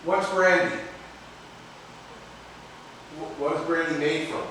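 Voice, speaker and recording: A man lectures a class in a loose, rambling way, repeating words and tossing questions at his students. His voice sits a little high. He is recorded from a distance in a very echoey room, with faint background noise. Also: steady tone, slow, a bit bright. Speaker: cooking instructor.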